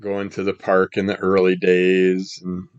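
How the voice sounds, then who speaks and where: A man reviewing comic books in a casual, rambling monologue, his voice scratchy from the morning and his throat needing clearing. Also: deep voice, a little slow, dry recording, dull audio. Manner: rambling, relaxed, trails off mid-sentence.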